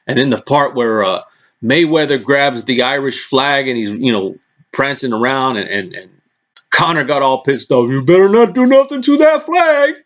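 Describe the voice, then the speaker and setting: A man ranting in a casual vlog, excitable and full of swearing, often restarting his sentences. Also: medium pitch. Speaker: vlogger recapping press conferences. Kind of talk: casual profane rant.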